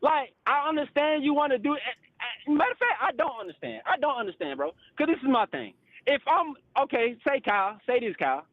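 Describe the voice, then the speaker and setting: A man's voice: very high voice, sing-song, brisk, no room sound, phone-quality sound. A male caller on a call-in show, ranting in frustration, swearing and repeating "bro" and "literally.". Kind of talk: heated call-in rant.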